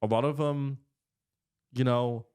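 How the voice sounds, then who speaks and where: A male comedian hosts a casual studio podcast. His pitch sits in the middle range and his jokes come out deadpan and edgy. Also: slow pace, clean tone.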